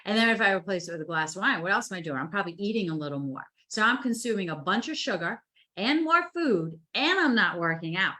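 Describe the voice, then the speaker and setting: A woman co-hosting a casual live chat, telling animated stories that act out her own inner voice. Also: medium pitch, fast talker. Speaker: co-host. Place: home, over a live stream.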